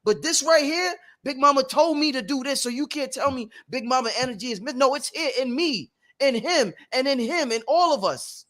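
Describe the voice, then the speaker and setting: A man's voice: very high-pitched, moderate pace, few pauses, a bit bright. A man hosting a spiritual workshop, talking emphatically and bluntly with plenty of swearing and repetition. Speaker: host. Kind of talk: animated workshop talk.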